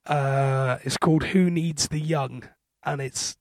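A man with a husky voice, co-hosting a podcast in a hesitant, wry, rambling chat. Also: medium pitch, steady tone, takes it slowly, no room sound, clean studio sound. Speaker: podcast co-host. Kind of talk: casual chat.

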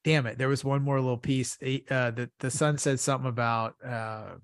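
A man's voice: mid-range voice, flat delivery, fairly quick, no room sound, clean studio sound. A man co-hosting a podcast in casual chat, rambling, laughing often and swearing freely. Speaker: podcast co-host.

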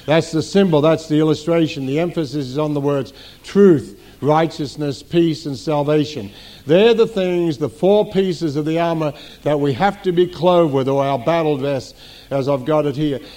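A middle-aged male pastor gives a teaching sermon in a church, his voice pitched fairly high yet soft and mellow in tone. He leans on repetition, circling back to key phrases and throwing rhetorical questions out to the congregation. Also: moderate pace. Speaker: senior pastor.

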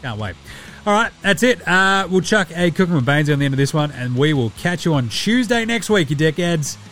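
A man's voice: on the high side, lively intonation, fairly quick, a bit bright, soft background music. A man with an Australian accent, casually wrapping up his podcast in a cheeky, matey way. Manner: cheeky, laid-back, matey. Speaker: podcast host.

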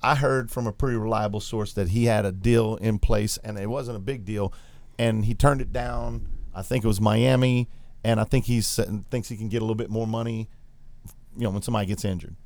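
A man of medium pitch who hosts a sports talk show in a loose, rambling way. He stops and restarts often while he works out his thoughts, and he keeps the chat easygoing. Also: fairly even intonation, darkish tone, no echo. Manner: rambling, halting, lots of restarts. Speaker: host.

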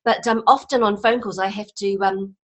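A middle-aged woman from New Zealand whose accent has softened over years abroad. She talks in a chatty, rambling, self-deprecating way, full of fillers, in a mid-range voice. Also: mid-range voice, fairly even intonation, moderate pace. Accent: New Zealand, softened by years in England. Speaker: guest comedy writer. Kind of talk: casual podcast interview.

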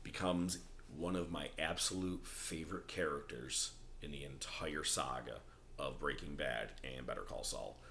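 A man's voice: very deep voice, a little slow, pushed and bright, a little hiss or hum. A male podcast host chatting casually, animatedly retelling scenes and acting out quoted lines. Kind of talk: casual chat recapping a TV show.

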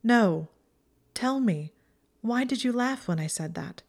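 Woman reading anxious young witch, urgent, pleading, higher and rising. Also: expressive, slow pace, vocal fry, a little mellow, full character voice. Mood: bewildered. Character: anxious clever young witch, easily distraught.

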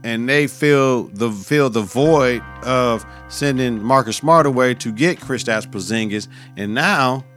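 A man's voice: medium pitch, unhurried, few pauses, fairly bright tone, soft background music. A man hosting a podcast, talking sports in a loose, profane, slangy, conversational way. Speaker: podcast host. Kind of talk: casual sports talk.

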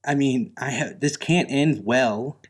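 A man's voice: mid-range voice, measured pace, breathy edge. A man co-hosting a podcast, hesitantly thinking aloud about what a movie's story might do. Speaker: podcast co-host. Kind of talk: casual chat, speculating about a movie.

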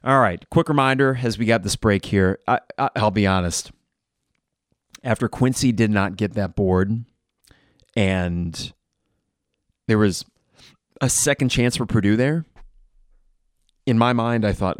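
A man hosting a live game reaction podcast, blunt and frustrated, who swears and flares into shouting. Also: lowish voice, measured pace, long pauses, no echo, clean studio sound.

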